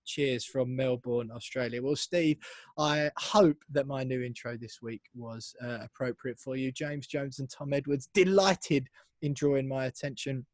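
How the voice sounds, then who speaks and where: A man's voice: medium pitch, unhurried, no echo. Chatty man hosting, dry sound. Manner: chatty, jokey, upbeat presenting. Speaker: podcast host. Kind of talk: casual podcast chat.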